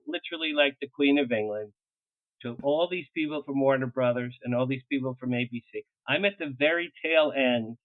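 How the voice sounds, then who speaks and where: An older man telling showbiz stories as an interview guest, animated and quick to laugh, slipping into little acted bits of what others said. His voice sits at an ordinary middle pitch. It comes through a thin, phone-like line with a dry, close sound. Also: no room sound. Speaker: publicist guest. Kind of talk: anecdotal storytelling in an interview.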